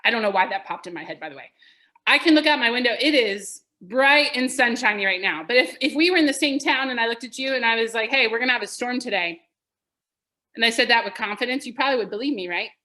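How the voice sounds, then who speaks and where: A woman coaching real estate agents in a webinar, telling stories with lively emphasis. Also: fairly high pitch, fast. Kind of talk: webinar teaching. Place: home office. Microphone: video call.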